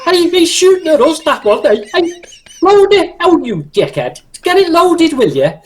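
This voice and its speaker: A man voicing a brash Scouse tank crewman who shouts orders and curses cheekily. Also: very high voice, sing-song, normal speed, a little hiss or hum, pitched above the performer's own voice. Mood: bossy.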